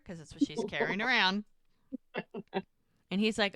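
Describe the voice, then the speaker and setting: A woman co-hosting a rewatch podcast, chatting casually as she retells scenes and drops in quick character quotes. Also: mid-range voice, sharp tone, no echo, studio quality. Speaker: podcast co-host recapping episodes.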